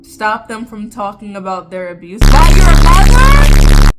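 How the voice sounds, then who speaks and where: Expressive woman vlogger, chatty and fired up. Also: fairly high pitch, moderate pace, heavy background noise. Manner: heavy "like" fillers, indignant and expressive. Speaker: commentary vlogger. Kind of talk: casual reaction commentary.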